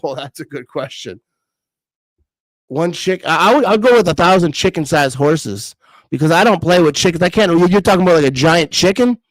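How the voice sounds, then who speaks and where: A man's voice: a little high, lively intonation, moderate pace, dry recording, rough recording. A man in his thirties hosting a casual live stream, rambling and laughing often as he reads comments. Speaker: livestream host reading comments.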